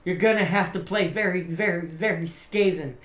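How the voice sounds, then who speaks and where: Speaking at a moderate pace, this livestream host has a high, slightly bright voice. He chats loosely and laughs a lot, wandering off and restarting his sentences, while faint music plays behind a roomy echo.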